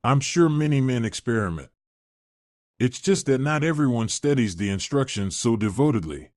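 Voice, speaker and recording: A composed young wife from a storybook who needles her husband in an even, unflustered way, read by a man who lifts his voice slightly. The delivery is lively in pitch. The sound is dry and close. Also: normal speed, no echo, lightly acted. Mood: calm, teasing. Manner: calm and teasing. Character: calm, witty young wife.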